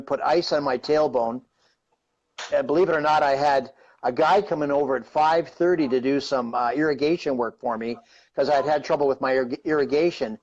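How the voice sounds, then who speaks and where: A man's voice: medium pitch, darkish tone, highs cut off. A man in his fifties from Canada, telling a long personal story as a guest, rambling and conversational with lots of "right?" and "you know". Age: 50s. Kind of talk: storytelling in a live-streamed interview.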